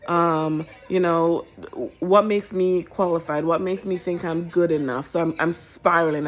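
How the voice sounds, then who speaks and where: A woman, a social worker, telling a personal story in an animated, expressive way. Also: on the low side.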